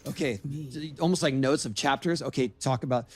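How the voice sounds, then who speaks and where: A middle-aged man, a guest in a casual podcast chat, telling animated stories with frequent restarts. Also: medium pitch, brisk.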